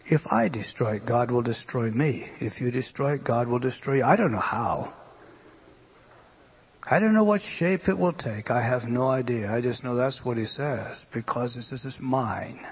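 A man preaching a sermon, moving between loud emphatic lines and hushed whispers. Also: medium pitch, moderate pace, breathy edge.

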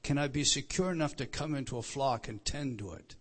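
A middle-aged man preaching a sermon as pastor, emphatic, rising loud to stress scripture and dropping low and quiet. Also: fairly quick, few pauses.

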